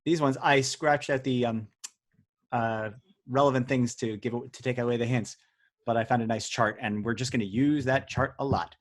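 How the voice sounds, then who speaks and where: A man's voice: mid-range voice, fairly even intonation, moderate pace. Joking man hosting a quiz. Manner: joking, teasing, chatty. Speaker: quiz host. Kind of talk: hosting a live online word quiz. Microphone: video call audio.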